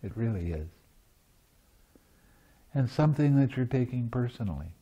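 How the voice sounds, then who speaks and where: A man's voice: medium pitch, expressive, normal speed, mellow, slightly rough. A man giving a dharma talk as meditation teacher at a retreat, teaching playfully and often laughing. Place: meditation center.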